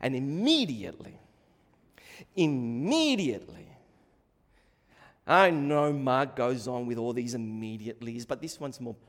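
Preacher in a hall, hushed to fervent. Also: male voice, medium pitch, animated, measured pace, long pauses. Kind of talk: sermon.

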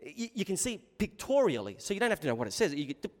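A man preaching an expository sermon, swinging between loud emphatic bursts and quiet hushed asides. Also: sits high, big pitch swings, fast talker. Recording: long hall reverb.

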